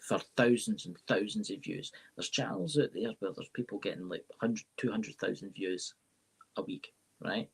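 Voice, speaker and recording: Gravelly Scottish man rambling eagerly. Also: lowish voice, normal speed. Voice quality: gravelly, husky. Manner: rambling, animated, says "right?" often. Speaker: guest tarot reader and paranormal podcaster. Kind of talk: casual live-stream interview. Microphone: live-stream mic.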